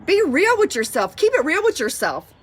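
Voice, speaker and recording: A woman's voice: high-pitched, big pitch swings, moderate pace. A woman fitness coach giving a passionate motivational talk, fired up and repeating her points for emphasis.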